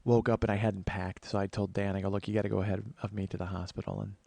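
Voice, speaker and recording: Gravelly fast-talking man telling stories. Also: on the low side, flat delivery, dark tone, dry recording. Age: 40s. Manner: chatty, swears casually, acts out quoted voices. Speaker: podcast host. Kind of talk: casual storytelling monologue.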